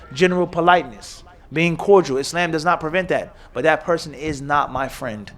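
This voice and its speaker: A man with a somewhat high-pitched voice delivers a sermon at an Islamic center. He lectures emphatically, stacking instructions in lists and pressing his points with rhetorical questions. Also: fairly quick, few pauses, fairly bright tone. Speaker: imam. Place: mosque or Islamic center hall.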